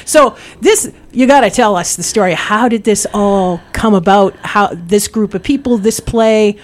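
A woman hosting a casual interview, playful and quick to joke. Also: medium pitch. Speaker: interview host.

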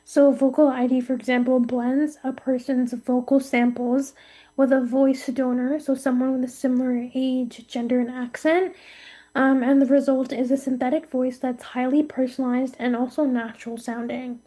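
A woman co-hosting a scripted podcast chat, reading steadily and often pausing with ums. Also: high-pitched, flat delivery, mellow. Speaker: co-host.

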